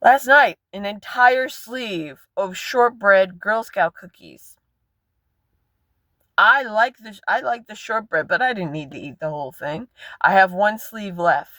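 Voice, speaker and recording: A woman's voice: medium pitch, expressive, measured pace, pushed and bright, no echo. Frank, rambling woman vlogging from a car. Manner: frank, rambling, swears freely. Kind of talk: candid personal vlog.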